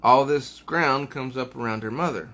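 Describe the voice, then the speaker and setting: A man casually reviewing a comic book, reading passages aloud and musing on them in an unhurried way with small hesitations. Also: medium pitch, sharp tone.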